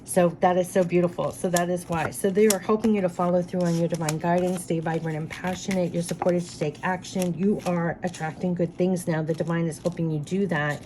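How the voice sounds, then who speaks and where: A woman's voice: fairly low pitch, little pitch movement, brisk, few pauses, background noise. A woman giving an intuitive spirit card reading straight to the viewer, earnest and heartfelt, repeating her phrases again and again.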